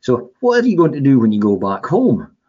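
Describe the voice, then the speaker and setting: A man voicing a gullible local male radio interviewer, high and incredulous. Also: huge pitch swings, fairly quick, mellow, slightly rough, muffled recording. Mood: curious.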